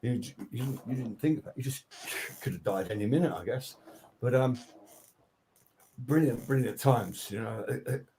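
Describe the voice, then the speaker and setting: A man's voice: mid-range voice, moderate pace, gravelly, slight background noise. Older man swapping studio stories. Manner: animated, swears freely, acts out quotes; many restarts and fillers. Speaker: guest record producer. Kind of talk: casual anecdotal storytelling.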